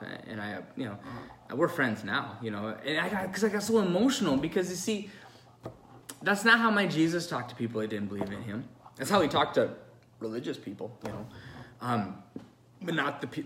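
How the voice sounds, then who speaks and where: A man's voice: mid-range voice, a bit bright, slight background noise. Male pastor, earnest and rambling, unscripted address recorded in an echoey room. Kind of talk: unscripted video message.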